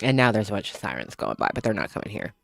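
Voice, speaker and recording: Give me a laid-back author on a home livestream, cursing and laughing, with a lively up-and-down voice. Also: low-pitched, very fast, gravelly, no echo. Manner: loose, profane, laughs often. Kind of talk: casual livestream chat. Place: home room with window open. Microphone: small desktop microphone.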